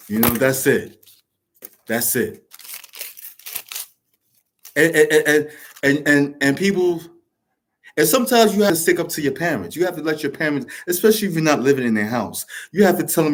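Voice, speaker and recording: Speaking to camera in a casual monologue, this male show host has a mid-range, expressive voice and a moderate pace broken by long pauses. His delivery is passionate and rambling, full of swearing, restarted sentences and repeated words.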